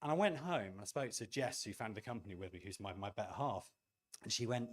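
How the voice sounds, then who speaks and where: A middle-aged man who runs a game studio gives a talk to an audience, animated and self-deprecating, acting out the remarks he quotes. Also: mid-range voice, fast.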